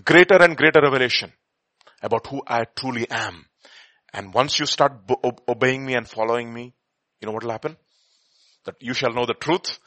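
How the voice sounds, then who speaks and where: A man preaching a sermon, quoting scripture and hymns, swinging between loud emphatic bursts and quiet murmurs. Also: mid-range voice, brisk, dry recording. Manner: quotes scripture and hymn lines, chuckles between points.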